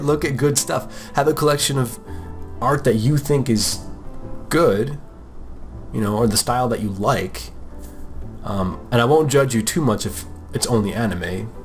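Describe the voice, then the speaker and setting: A young American man talks casually about art and his name as an art podcast host, rambling and joking, often acting out other people's voices. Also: medium pitch. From United States. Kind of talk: casual talk while drawing.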